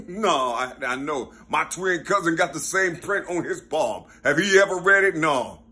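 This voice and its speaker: A man talking in a rambling, casual monologue, full of street slang and constant "you see?" checks, now and then laughing or bursting out loud. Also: on the high side, unhurried. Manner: street slang, repeats "you see?" and "you know what I'm saying?"; excitable, mixes laughs and sudden loud bursts.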